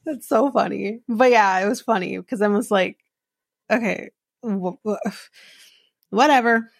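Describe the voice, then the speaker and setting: A woman's voice: mid-range voice, fairly even intonation, unhurried, long pauses, dry recording, clean studio sound. A woman hosting a podcast, recapping a reality show in a chatty, rambling way with many restarts. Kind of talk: casual chat recap.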